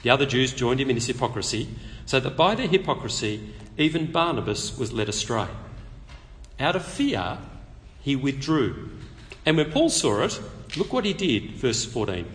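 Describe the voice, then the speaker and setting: A man's voice: mid-range voice, moderate pace, a little hiss or hum. Man preaching in an echoing hall. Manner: conversational, animated, with light humor. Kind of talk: expository sermon at a public meeting. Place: meeting hall. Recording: long reverb of a meeting hall.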